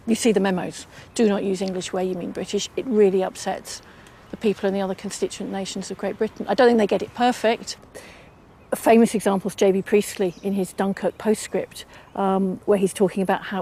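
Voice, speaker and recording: A woman's voice: medium pitch, dark tone. Woman historian, explanatory interview voice, faint noise behind. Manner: fluent, explanatory, with filler ums. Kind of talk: interview answers.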